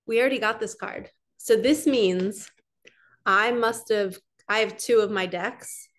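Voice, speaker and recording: A woman in a middle-pitched voice talks viewers through an oracle card reading. She is earnest and chatty, and she wanders a bit as she speaks straight to the audience. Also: a little slow, a bit bright. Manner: earnest, chatty and rambling, addressing viewers directly. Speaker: spiritual coach doing card readings.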